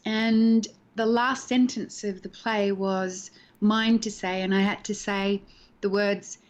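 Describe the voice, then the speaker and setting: A woman's voice: medium pitch, slow pace. A middle-aged actress telling stories in a casual interview over a video call, acting out the voices of people she quotes. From Australia. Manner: animated storyteller, acts out quoted voices. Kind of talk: casual chat, storytelling.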